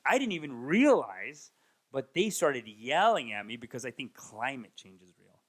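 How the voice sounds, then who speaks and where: A man in his thirties, a comedian, rambling through a casual comedic monologue and mocking people with raised, animated impressions. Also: mid-range voice. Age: 30s. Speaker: comedian and podcast host. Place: Toronto.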